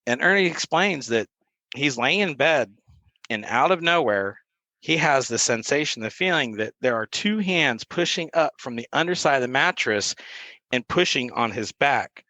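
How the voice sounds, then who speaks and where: A man's voice: medium pitch, moderate pace, dry recording, rough recording. A man, a podcast guest telling stories in casual chat and acting out the lines of the people in them. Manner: animated storyteller who acts out the quoted lines.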